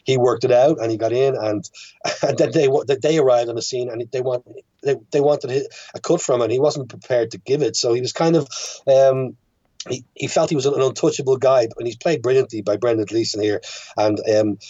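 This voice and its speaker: Irish male filmmaker guest, young adult, halting rambling delivery, dull lo-fi dry recording. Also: medium pitch, fairly even intonation, warm tone, no room sound. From Ireland. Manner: rambling, many restarts and stammers. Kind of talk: casual podcast chat.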